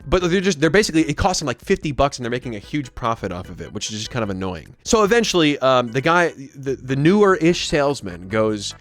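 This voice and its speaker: A man's voice: mid-range voice, sing-song, fast talker, few pauses, fairly bright tone, faint music behind. A young man casually telling a rambling story to his stream audience, often mimicking the people he quotes. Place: home streaming setup. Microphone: studio mic.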